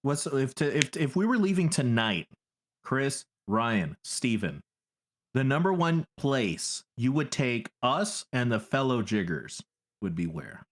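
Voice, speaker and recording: A man's voice: mid-range voice, big pitch swings, a little slow. A man co-hosting a casual podcast, telling a tale in a mock-grand announcer manner. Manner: mock-grand announcer delivery, swearing reactions. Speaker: podcast co-host.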